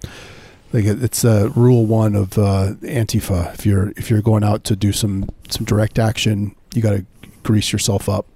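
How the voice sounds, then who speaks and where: Brief: man, warm low voice, laid-back deadpan podcast co-host. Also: normal speed, a little hiss or hum. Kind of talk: casual comedic banter.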